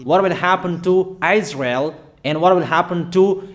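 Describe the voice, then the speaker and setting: Slow, emphatic man preaching prophecies. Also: sits high. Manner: declaiming, emphatic, repeats warnings, halting fillers. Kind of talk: prophetic sermon.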